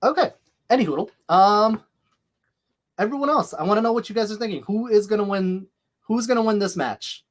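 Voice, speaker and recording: A man's voice: high-pitched, lively intonation, fairly quick. A man hosting a live watch-along stream with a slight lisp, chatting casually while calling the action and reading viewer comments. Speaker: livestream host.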